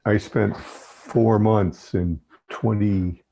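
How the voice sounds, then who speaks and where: A man who is a guest on a podcast, telling stories in an easygoing, unhurried way. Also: on the low side, fairly even intonation, creaky, dark tone, a little hiss or hum. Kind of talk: casual interview chat.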